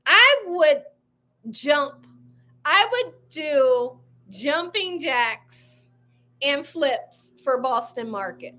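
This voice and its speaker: Female host, live cooking stream from home; high, bright, chatty, quick to laugh. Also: lively intonation. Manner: chatty, laughs often, reads out viewer comments. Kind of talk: casual live-stream chat. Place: at home, window open.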